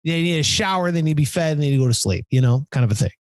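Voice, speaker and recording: A man's voice: fairly high pitch, rapid-fire, no echo. A man in his thirties hosting a podcast, telling a story in casual chat, swearing and acting out the people in it. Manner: animated, swears a lot, acts out quoted people. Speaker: podcast host.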